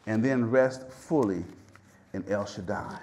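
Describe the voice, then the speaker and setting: A man preaching a sermon with fervor, repeating phrases and swinging from loud peaks to hushed lows. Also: a little slow.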